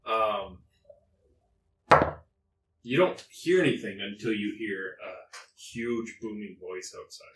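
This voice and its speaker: A man narrating a tabletop game as game master, relaxed, with fillers. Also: on the low side, takes it slowly, pauses often, heavy background noise. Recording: roomy room, faint music.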